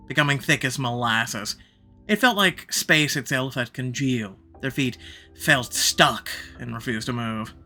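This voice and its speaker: A man's voice: mid-range voice, sharp tone. A man reading a visual novel aloud, narrating expressively and shifting his pace for drama.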